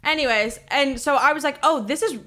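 A young woman co-hosting a podcast, telling a story in a casual, animated and profane way. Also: high-pitched, a little fast. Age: young adult. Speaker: podcast co-host. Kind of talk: casual chat.

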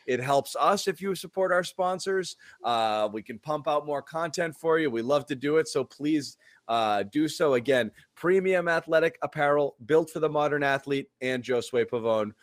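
Man, sports podcast host, fairly high voice, dry close sound, relaxed and joking. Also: moderate pace, hardly any pauses, no room sound. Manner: relaxed, joking, reads sponsor spots. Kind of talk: casual sports podcast chat.

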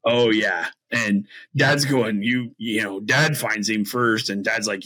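Midwestern man, low forceful voice, rambling hunting tale; podcast guest, lots of ums and restarts, animated. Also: slow pace. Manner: rambling, many fillers and restarts; animated, acts out quoted voices. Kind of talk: casual storytelling.

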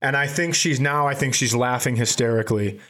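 A man's voice: medium pitch, fairly quick, fairly bright tone. A man co-hosting a podcast, telling comic stories in a casual, profane way and laughing at his own punchlines. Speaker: podcast co-host. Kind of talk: casual comedic storytelling.

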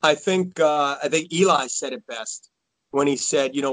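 A man talking casually as a podcast guest, halting and repeating himself, with bursts of enthusiasm. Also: on the high side, fairly bright tone, no room sound. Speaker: podcast guest, school worker. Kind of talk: casual chat.

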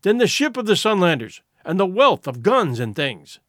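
A man voicing a stern tribal elder who makes sharp, slow, scolding demands. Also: sits high, sing-song, no echo, studio quality, exaggerated voice. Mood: demanding.

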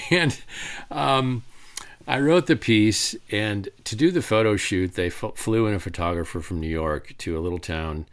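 Low-voiced man telling a rambling story. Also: measured pace, clean tone. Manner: rambling, many restarts and fillers, animated retelling. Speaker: author giving a talk. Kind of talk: anecdotal storytelling to an audience.

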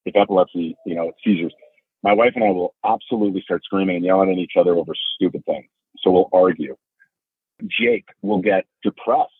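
A middle-aged man with a husky voice talks briskly over a dry, phone-like remote line with no room sound. As a podcast guest and father of a son with epilepsy, he tells about family life in earnest, emphatic storytelling, his pitch rising when he's moved.

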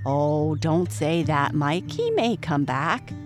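A woman's voice: deep voice, sing-song, slow pace, over music, full character voice. A woman doing a kindly Irish widowed mother. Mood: gentle.

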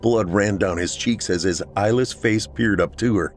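A man hosting a podcast, reading a horror story aloud in a measured, dramatic way. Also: fairly low pitch, soft background music. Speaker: podcast host and narrator. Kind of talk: scripted horror story narration.

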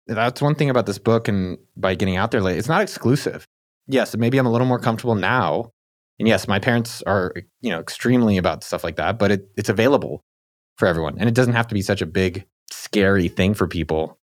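Fast-talking male podcast host. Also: fairly low pitch, no room sound, studio quality. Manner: quick, animated, self-deprecating. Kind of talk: casual conversation.

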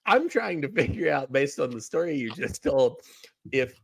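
A man's voice: mid-range voice, big pitch swings, vocal fry, a little hiss or hum. A man hosting a casual sports podcast, joking and asking his guest questions. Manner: joking, quick to laugh. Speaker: podcast host.

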